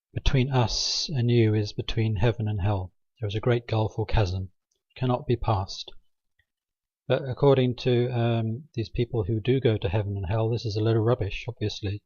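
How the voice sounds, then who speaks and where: A man's voice: medium pitch, steady tone, measured pace, a little mellow, dry recording, muffled recording. A man rambling through a satirical monologue, sarcastic and hesitant, with many ums. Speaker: video maker.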